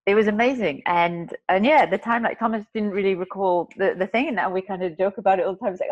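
A woman's voice: mid-range voice, fast, few pauses. Woman telling a story, muffled recording. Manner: rambling, with many restarts and fillers; animated, acts out quoted voices. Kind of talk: casual conversational storytelling.

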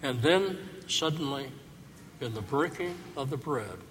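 A priest preaches to his congregation at an unhurried pace, a man with a middle-range voice. His words ring out in a long church reverb over faint room ambience. He leans on rhetorical questions, reflective and earnest. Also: mid-range voice, animated, a bit bright, a little hiss or hum. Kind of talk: sermon.

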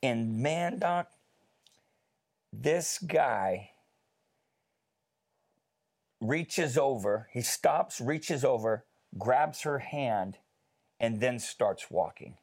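A man shares a story in a relaxed faith conversation. His pitch sits in the middle but jumps high when he gets excited. He talks loosely, stacking fillers and restarts as he goes. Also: extremely slow. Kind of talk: casual faith discussion.

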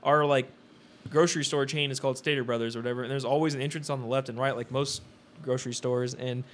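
A man's voice: mid-range voice, fairly even intonation, fast talker. A young man from Southern California telling rambling, profane stories in a casual podcast chat. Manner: rambling, profane, lots of "like" and "or whatever". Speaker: podcast co-host.

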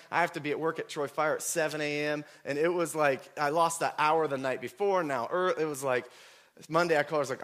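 A man preaching a sermon, earnest and emotional, telling personal stories and at times rising almost to a shout. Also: fairly high pitch. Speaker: pastor.

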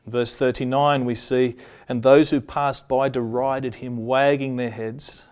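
A man preaching a sermon, reading scripture passages aloud in a measured way and slowing down on the solemn lines. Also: medium pitch, little pitch movement, smooth.

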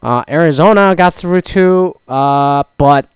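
A man's voice: on the high side, slow pace, clean tone, no echo. A man hosting a solo podcast, chatting casually about sports in a rambling, profane way with many restarts. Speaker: podcast host.

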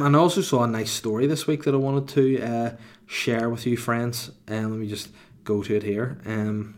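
A man in his thirties hosts a comedy podcast by himself, his medium-pitched voice a little mellow. His solo monologue rambles through irreverent asides full of swearing.

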